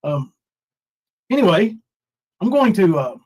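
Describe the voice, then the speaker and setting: A man in his forties hosts a loose, rambling livestream chat with a slightly high voice. He drifts between his own news and greeting viewers from the chat, sometimes hamming up mock crying. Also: big pitch swings, slow, a little mellow, breathy edge, low-quality recording. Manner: rambling, reads chat names aloud, mock crying bits. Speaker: livestream host.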